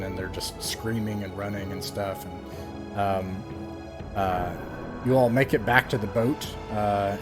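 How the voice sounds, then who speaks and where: A man running a tabletop game, describing scenes with lots of ums and restarts. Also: lowish voice. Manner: rambling, many fillers while describing scenes. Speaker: game master.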